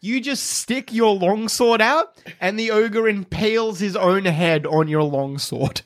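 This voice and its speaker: A man running a tabletop game as game master, narrating the fight in quick bursts and laughing at his own descriptions. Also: high-pitched.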